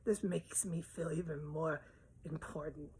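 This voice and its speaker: A woman voicing a smug, cruel sadist who relishes power, speaking in a low, hushed, gloating murmur. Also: fairly even intonation, measured pace, husky, full character voice.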